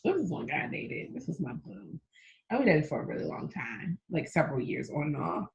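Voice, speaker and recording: A woman's voice: sits low, very animated, a little fast, creaky, lo-fi sound. A woman co-hosting a podcast in casual, joking chat, laughing often. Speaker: podcast co-host.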